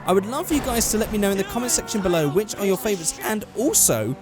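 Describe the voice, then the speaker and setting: A man's voice: sits high, very animated, fast talker, music in the background. A young man giving rambling, casual gameplay commentary, swearing freely and correcting himself as he goes. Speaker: gaming YouTuber.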